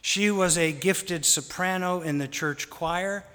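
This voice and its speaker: A man telling fond, gently humorous family stories in a sermon. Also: high-pitched, slow, smooth. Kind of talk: anecdotal storytelling sermon. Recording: long hall reverb.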